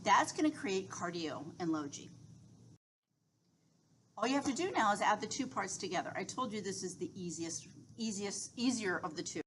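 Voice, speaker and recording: A woman's voice: mid-range voice, expressive, moderate pace, a bit bright, a little hiss or hum, rough recording. A woman instructor giving a recorded lecture, explaining step by step with reassuring asides and frequent fillers.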